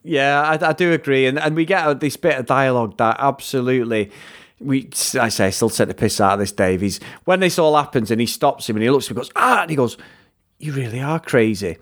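A man co-hosting a podcast, chatting about a film in a rambling way and retelling scenes with quick impressions. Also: medium pitch. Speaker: podcast co-host. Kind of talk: casual film review chat.

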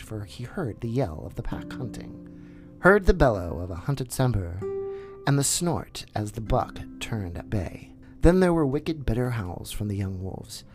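Calm male storyteller over soft guitar. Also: mid-range voice. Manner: calm, measured narration. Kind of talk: bedtime story reading.

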